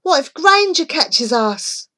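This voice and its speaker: A woman's voice: high-pitched, very animated, takes it slowly, sharp tone, voice pushed up, heavily acted. A woman voicing a frightened, nervous boy who hisses and gasps his words. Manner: hissing, gasping.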